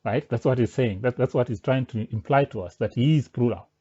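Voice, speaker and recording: On a dull lo-fi recording, a religious commentator presses an insistent, step-by-step rebuttal of a pastor's teaching. His medium-pitched voice is dark and husky, and he talks fairly quickly.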